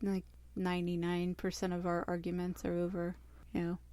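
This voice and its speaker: A woman chats frankly on a podcast, teasing her co-hosts. Her voice sits fairly low for a woman. The sound is dry and close. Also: completely flat delivery, warm tone, no room sound. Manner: teasing, frank, quick to laugh along. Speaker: podcast co-host. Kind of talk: casual group chat.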